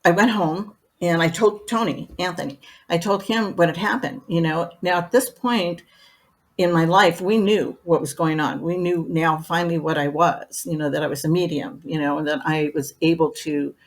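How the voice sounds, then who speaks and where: Woman, middle-aged, lowish voice, rambling chatty storytelling, interview guest. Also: fairly even intonation, moderate pace. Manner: rambling and chatty, leaning on "you know". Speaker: medium, podcast guest.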